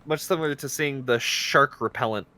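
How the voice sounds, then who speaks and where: A man's voice: mid-range voice, normal speed, bright, forceful tone, slight background noise. A young man co-hosting a podcast, talking in an easygoing, joking way with thoughtful asides. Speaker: podcast co-host. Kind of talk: casual chat.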